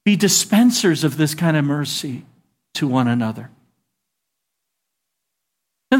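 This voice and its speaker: A male pastor preaching a sermon in a conversational style, with asides and call-and-response to the congregation. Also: high-pitched.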